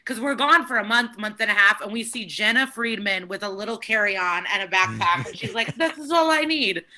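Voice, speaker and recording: A woman's voice: mid-range voice, steady tone, brisk, sharp tone. A woman hosting a casual chat, joking and brash as she tells a story. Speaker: host.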